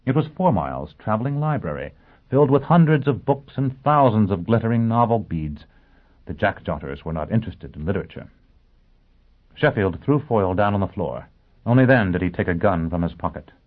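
A man's voice: lowish voice, animated, a little fast. Man narrating a dramatic audiobook. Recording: tinny phone-like band.

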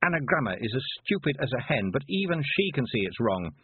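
A man voicing a fierce young girl witch in a storybook reading, indignant and demanding in a husky voice. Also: medium pitch, very animated, brisk, dry recording, voice pushed up. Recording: dry, phone-like narrow sound.

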